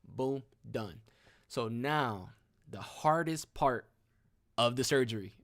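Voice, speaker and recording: A man hosting a live stream, telling his story in a casual, slangy, energetic way. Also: takes it slowly. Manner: slangy, energetic, peppered with "boom" and "mad cool".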